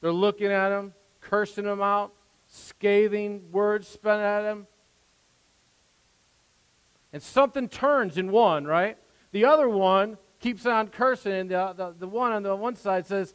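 A man's voice: high-pitched, measured pace, smooth. A man preaching a sermon from the pulpit as pastor, earnest and conversational, with rising emphasis and asides. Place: church sanctuary. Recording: long hall reverb.

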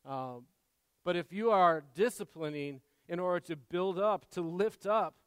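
A man, a father, preaching a sermon in an earnest way, repeating words and moving between soft asides and loud emphasis. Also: high-pitched, measured pace, smooth, dry recording, long reverb tail. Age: adult father. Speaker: pastor.

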